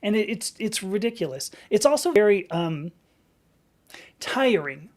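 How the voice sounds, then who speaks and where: A chatty woman in her fifties hosts a live stream in a loose, rambling way. She laughs often and keeps circling back to restart her thoughts. Her pitch sits in the middle range for a woman. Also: big pitch swings, a little slow. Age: 50s. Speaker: livestream host. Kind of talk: casual live-stream chat.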